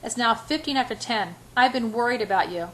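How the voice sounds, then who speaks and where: A man's voice: very high voice, a little fast, a bit bright, slight background noise, low-quality recording. A woman reading the part of an intense, controlling young male lover in her own voice, with occasional slips. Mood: angry. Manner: read plainly with slight emphasis, occasional slips.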